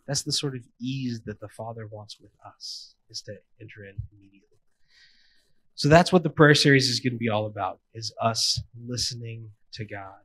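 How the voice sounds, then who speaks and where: A man in his thirties preaches in a relaxed, conversational way. He slips into playful asides. His voice sits at an ordinary middle pitch. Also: normal speed, no room sound, rough recording. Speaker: pastor. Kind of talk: sermon.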